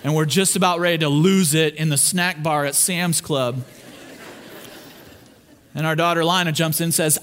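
A man preaching a sermon in church, telling family stories with lively acted voices and praying in an earnest tone. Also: on the high side, moderate pace, pauses often. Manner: animated storyteller who acts out his family's voices; turns hushed and earnest in prayer. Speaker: pastor. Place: church service.

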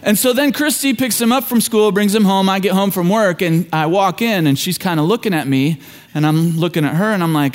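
A pastor delivers a sermon in a relaxed, storytelling way, with casual asides to his listeners. He is a middle-aged man with a notably high speaking voice. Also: brisk. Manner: conversational storytelling, folksy asides.

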